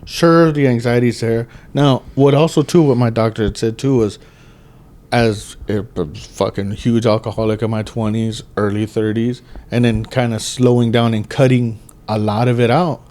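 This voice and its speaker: A man's voice: mid-range voice, steady tone, moderate pace, darkish tone. A man in his thirties hosting a podcast, talking in a rambling, casual way with lots of swearing and filler words. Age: 30s. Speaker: podcast host. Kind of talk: casual chat.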